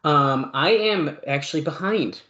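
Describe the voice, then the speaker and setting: On a lo-fi recording, a man co-hosts a wrestling podcast, chatting casually and rambling with plenty of fillers and self-deprecating jokes. His voice is on the high side, expressive, pushed and bright, and he talks at a measured pace.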